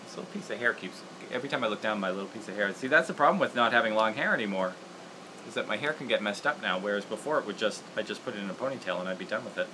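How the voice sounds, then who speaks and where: A man's voice: lowish voice, expressive, rapid-fire, background noise. Rambling, self-deprecating man crafting. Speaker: puppeteer host. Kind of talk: casual livestream tutorial.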